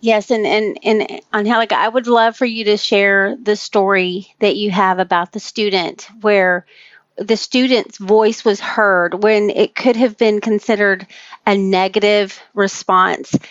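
A woman co-host eagerly prompts a guest to share her story. Her pitch sits in the middle. The audio is muffled and lo-fi, and the sound is dry. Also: steady tone, measured pace, no room sound.

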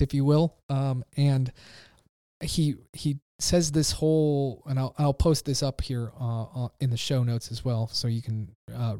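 Mellow-voiced pastor talking with many fillers. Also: male voice, mid-range voice, dry recording, clean studio sound. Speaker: pastor and podcast guest author. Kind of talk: casual podcast talk.

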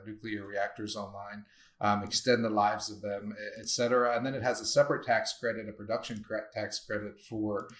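A man co-hosting a casual podcast discussion, blunt and opinionated, swearing casually and thinking aloud in long run-on sentences. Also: on the low side. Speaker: podcast co-host.

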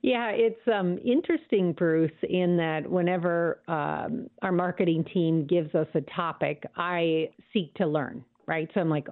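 A woman, a financial advisor on a radio show, chatting and thinking out loud. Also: lowish voice, expressive, measured pace, dry recording, narrow, tinny audio. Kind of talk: radio talk show chat.

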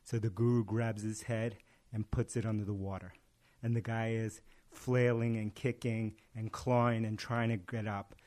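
A man's voice: fairly low pitch, level tone, normal speed, a little mellow. A man in casual conversation, telling a story and acting out its dialogue. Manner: tells parables with acted-out dialogue.

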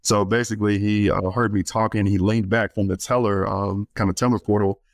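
A man's voice: fairly low pitch, fairly even intonation, fairly quick, dry recording. A man being interviewed as a guest on a podcast. He works with student athletes and speaks earnestly in a storytelling way, with frequent fillers and restarts.

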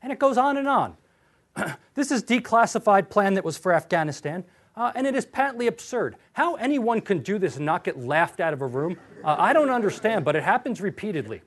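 A man lecturing in an animated, sarcastic way, often acting out what others said. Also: sits high, a little fast. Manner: animated, sarcastic, acts out quotes.

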